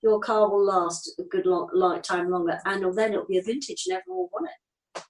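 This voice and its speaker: A woman in her fifties talks in a relaxed, chatty way as an interview guest. She is direct and down to earth, leaning on plain everyday examples. Her voice sits at an ordinary middle pitch. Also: brisk, vocal fry, poor audio. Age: 50s. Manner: straight-talking, chatty, uses homely analogies. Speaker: acupuncturist guest. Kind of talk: casual interview chat.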